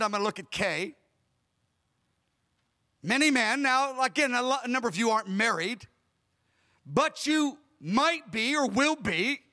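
A man's voice: extremely high pitch, pushed and bright. A man preaching a sermon as a pastor, emphatic, acting out dialogue as he tells stories. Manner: emphatic, acts out dialogue in storytelling.

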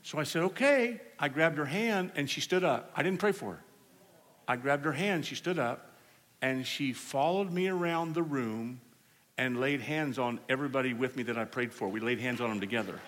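A man preaching at a healing service, telling stories in an animated way and laughing along with the congregation. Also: mid-range voice, moderate pace. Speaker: evangelist. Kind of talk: storytelling sermon. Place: church service. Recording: hall reverb, faint room noise.

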